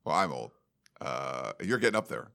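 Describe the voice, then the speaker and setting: Gravelly, lively podcast co-host man. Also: a bass voice, normal speed. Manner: rambling, laid-back, lots of fillers. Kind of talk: casual podcast chat. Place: studio.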